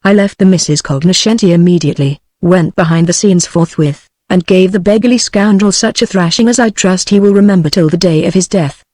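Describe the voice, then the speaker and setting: A woman's voice: lowish voice, no room sound. A text-to-speech woman's voice with a British English accent, evenly narrating an audiobook. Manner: even synthetic reading, reads punctuation aloud.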